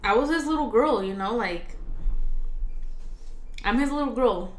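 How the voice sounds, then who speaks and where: A woman's voice: on the high side, expressive, unhurried. Young woman vlogger in a roomy space. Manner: chatty, filler-heavy, acts out quoted dialogue. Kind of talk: casual storytelling. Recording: roomy with faint background noise.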